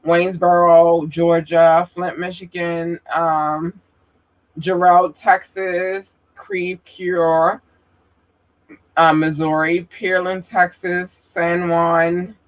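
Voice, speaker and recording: A woman podcast host works through a long list of listener towns at an unhurried pace. She says each place name carefully and apologizes when she thinks she got one wrong. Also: on the low side, level tone. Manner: slow, careful, apologetic about pronunciation. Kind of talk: reading out listener locations.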